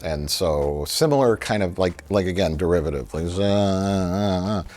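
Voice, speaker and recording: A man's voice: low-pitched, expressive, a little mellow. A man co-hosting a movie review chat, rambling with lots of fillers and jokes. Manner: rambling, halting, full of fillers; jokey, slips into silly voices. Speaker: film review show co-host.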